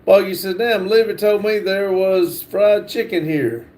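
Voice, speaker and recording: A man's voice: sits high, measured pace, a little mellow, slight background noise. A man hosting a casual livestream, reading viewers' comments aloud. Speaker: livestream host.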